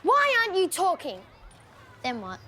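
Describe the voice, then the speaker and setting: A woman's voice: very high voice, wildly swooping pitch, moderate pace, pushed and bright, slight background noise, heavily acted. A woman voicing a bossy schoolchild who plays detective in a mock-serious, dramatic way. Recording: music playing underneath.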